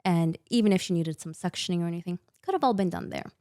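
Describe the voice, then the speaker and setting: Gravelly-voiced woman telling a birth story. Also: on the low side, darkish tone, no room sound, clean studio sound. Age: young adult. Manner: emphatic, quick retelling with quoted dialogue. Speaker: podcast guest, maternity nurse. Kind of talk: candid conversational storytelling.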